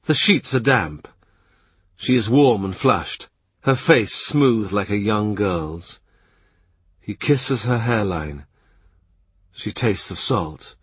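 Husky male audiobook narrator. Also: on the low side, lively intonation, no room sound. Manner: measured, quiet, present-tense reading. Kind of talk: scripted literary narration.

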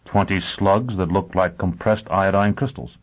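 A man voicing a hard, single-minded male hunter in an audiobook, speaking in a flat, blunt and terse way. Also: low voice, normal speed, close to an everyday voice. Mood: plain. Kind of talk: audiobook character voice. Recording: tinny phone-like sound.

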